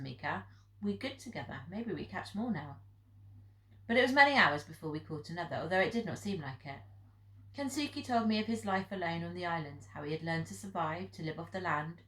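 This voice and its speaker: A woman reading a children's novel aloud in a steady, plain narrative voice, recorded in an echoey room. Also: fairly low pitch. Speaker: audiobook reader. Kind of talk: storybook narration.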